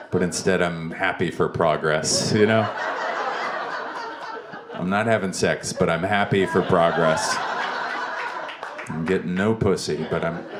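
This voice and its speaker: A man's voice: sits low, background noise. A male stand-up comedian doing a club set, rambling and self-deprecating, chatting with the crowd between jokes. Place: comedy club basement stage. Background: audience laughter.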